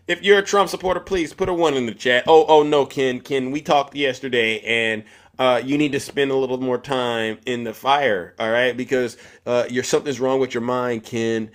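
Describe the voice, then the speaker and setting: A man's voice: medium pitch, a bit bright. A man hosting a political live stream, combative and mocking, often raising his voice at chat viewers.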